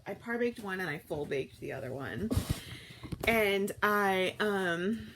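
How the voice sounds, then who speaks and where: A woman's voice: mid-range voice, takes it slowly, background noise. A woman in her thirties, chatting casually and rambling through a live morning stream, with lots of fillers and restarts. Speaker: food vlogger hosting a live morning chat.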